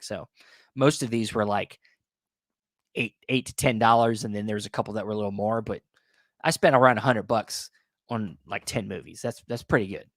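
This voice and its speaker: A man talking casually to camera about his film purchases, his voice sitting on the low side and a little worn from overuse. He rambles eagerly, restarting sentences and filling gaps with "um" and "you know". The sound is dry and close, with no room around it. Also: dry recording. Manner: rambling, many restarts and fillers, enthusiastic. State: losing his voice. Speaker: video host reviewing Blu-ray purchases. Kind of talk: casual unscripted vlog talk.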